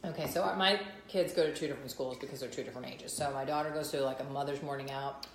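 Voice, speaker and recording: Low-voiced woman co-host, chatty, roomy sound with faint noise. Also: fairly even intonation. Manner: chatty, quick asides. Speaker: podcast co-host. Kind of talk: casual chat. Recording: echoey room with faint noise.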